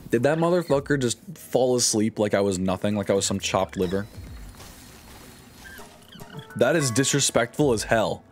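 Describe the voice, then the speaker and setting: A man's voice: mid-range voice, animated, a little fast, soft background music. A man streaming a game live, joking and swearing as he talks to his chat and the game characters.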